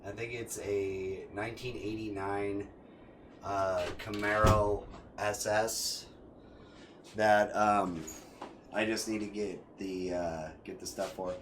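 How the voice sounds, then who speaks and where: A man streaming casual gameplay commentary who rambles with many fillers and restarts and gets excited and loud about cars. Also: fairly low pitch, slow pace, background noise.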